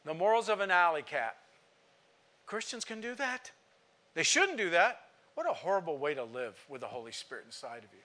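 A man's voice: high voice, big pitch swings, moderate pace, sharp tone. A man preaching a sermon to a congregation, emphatic and asking rhetorical questions. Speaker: pastor.

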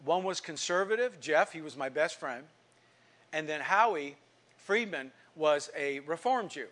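High, bright-voiced male preacher. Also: lively intonation, measured pace. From California, USA. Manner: storytelling preacher, swings from hushed to emphatic. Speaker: pastor. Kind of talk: sermon.

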